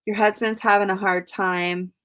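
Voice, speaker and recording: A woman's voice: mid-range voice, flat delivery, moderate pace, a bit bright. Woman livestream host, casual and profane, reads viewer comments aloud.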